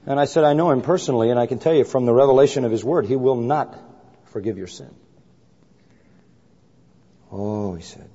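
A man preaches in a storytelling sermon, voicing the people in his anecdote with lively emphasis. His voice is mellow and a little husky. The recording is dull and lo-fi, carried by the long reverb of a big hall. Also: medium pitch, fairly quick, pauses often. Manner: animated storyteller acting out dialogue.

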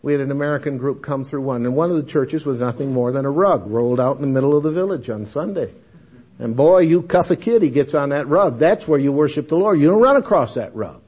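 Husky guy lecturing a crowd on missions, folksy and punchy, dull lo-fi tape. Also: mid-range voice, lively intonation, brisk, darkish tone. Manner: emphatic, addresses listeners as folks. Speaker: missions speaker.

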